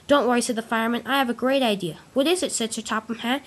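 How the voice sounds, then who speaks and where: A woman reading a train story aloud, with lively character lines between plainer narration. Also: a little high, quick pace. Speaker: storyteller reading all parts. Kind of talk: amateur read-aloud storytelling of a train tale.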